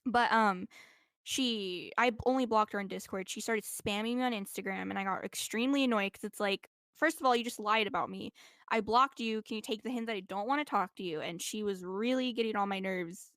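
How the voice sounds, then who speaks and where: A woman's voice: mid-range voice, a little fast, a bit bright, no room sound. Young woman, casual interviewee, rambly with constant "like", laptop mic, dry sound. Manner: rambling, heavy use of "like". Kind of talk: casual chat. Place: indoors while traveling.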